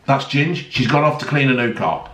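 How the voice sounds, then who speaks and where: A man's voice: medium pitch, moderate pace, fairly bright tone, recorded from a distance, a little hiss or hum. A sarcastic man, ranting heatedly and swearing constantly in a vlog. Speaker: vlogger. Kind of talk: angry ranting monologue. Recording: roomy, voice a bit off-mic.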